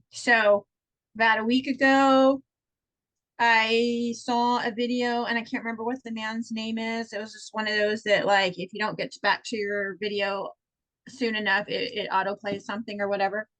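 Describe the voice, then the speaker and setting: Co-host, woman with a Texan accent, high voice, animated storyteller who mimics everyone she quotes. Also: normal speed, low-quality recording. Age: adult, married. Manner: animated, acts out quotes with big pitch jumps. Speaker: podcast co-host. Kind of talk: casual chat, animated storytelling.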